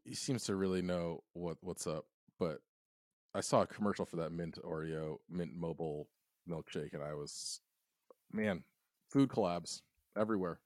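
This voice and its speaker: A man with a fairly low voice co-hosts a podcast in relaxed chat, laughing often as he talks. The sound is dry and close to the mic. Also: normal speed, no room sound. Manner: easygoing, laughs often between phrases. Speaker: podcast co-host. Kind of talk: casual chat.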